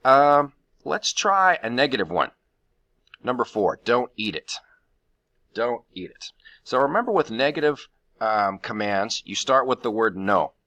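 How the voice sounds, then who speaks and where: A man teaching a Spanish grammar lesson, walking through the steps of each rule with frequent fillers and pauses. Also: mid-range voice, a bit bright.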